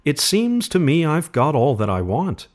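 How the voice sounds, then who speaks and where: A man's voice: a little high, huge pitch swings, normal speed, pitched above the performer's own voice. Brief: man reading as hopeful elderly dad, storybook, eager questions. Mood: curious. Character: curious, hopeful old father.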